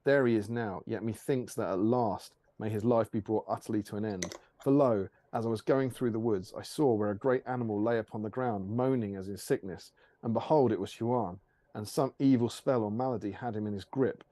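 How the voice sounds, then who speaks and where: A man reading aloud as a proud young elf princess, speaking loud and haughty. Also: on the low side, brisk, dry recording, close to an everyday voice. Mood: urgent. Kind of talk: storybook reading.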